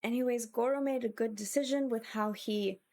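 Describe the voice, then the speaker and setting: A woman's voice: a little high, brisk, darkish tone. A woman streamer chatting with her viewers in a casual, emotional and reflective way, often sighing.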